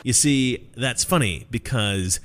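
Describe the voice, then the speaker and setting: A man's voice: medium pitch, animated, slow pace, very noisy. A man from America in his forties, casually commenting on comedy clips in a chatty, conversational manner. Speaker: video host.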